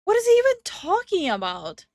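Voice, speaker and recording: A woman's voice: extremely high pitch, huge pitch swings, moderate pace, darkish tone, dry recording. A woman co-hosting a react video, making incredulous, dry remarks. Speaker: YouTube react co-host. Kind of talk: casual react commentary.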